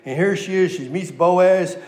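A man preaching a sermon, animated, acting out the lines he quotes with plenty of inflection. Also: sits high, measured pace, in a large hall.

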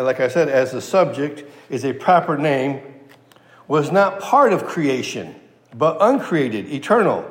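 A man with a fairly high voice preaches an expository sermon as a Bible teacher in an echoey room. He repeats key phrases for emphasis and checks in with his listeners.

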